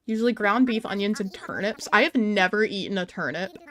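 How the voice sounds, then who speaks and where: A woman's voice: medium pitch, a little fast, a bit bright. Chatty young woman streaming a game. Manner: chatty, reads and answers viewer chat aloud. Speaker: live-stream host. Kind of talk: casual live-stream chat while gaming.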